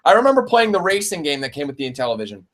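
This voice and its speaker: A man's voice: fairly high pitch, very animated, racing, fairly bright tone. A young man hosting a casual live Q&A for his gaming channel, rambling, laughing and swearing freely. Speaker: let's play channel host.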